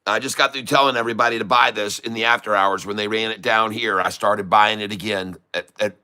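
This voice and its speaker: Bright-voiced excitable man hyping a stock chart. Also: fairly low pitch, brisk, smooth. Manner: excitable, hyped, folksy slang. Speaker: day-trading streamer. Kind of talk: live stock chart commentary.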